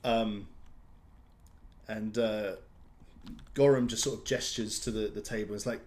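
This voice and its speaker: A man's voice: lowish voice, steady tone, normal speed, a little mellow. A man narrating as game master of a tabletop game, talking hesitantly with many ums and restarts.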